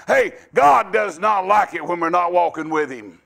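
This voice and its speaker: A middle-aged man preaching a revival sermon in a church, with a folksy, rambling delivery that bursts into shouts. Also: sits high, animated, unhurried, gravelly. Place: church sanctuary.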